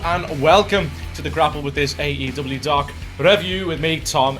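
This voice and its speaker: A man's voice: fairly high pitch, normal speed, a bit bright, faint music behind. A young man with a Scouse accent, hosting a solo podcast review in a rambling, self-mocking, chatty way. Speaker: podcast host.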